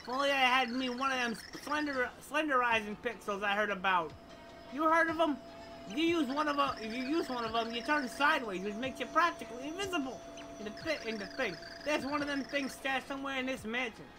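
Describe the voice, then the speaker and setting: Folksy rodent schemer, woman doing the voice, talks low and sly. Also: a little fast, over music, close to an everyday voice. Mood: scheming.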